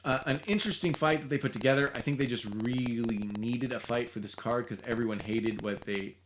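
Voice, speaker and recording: A man co-hosting a podcast in casual sports chat, rambling and animated, often restarting his sentences. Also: mid-range voice, fairly quick. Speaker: podcast co-host. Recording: tinny phone-like line with faint noise.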